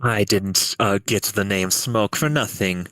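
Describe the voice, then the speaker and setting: A man's voice: lowish voice, unhurried, bright, forceful tone, no echo. Captain Smoke, a man playing a cruel pirate captain. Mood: smug. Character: menacing female pirate captain, cruel, rum-drinking.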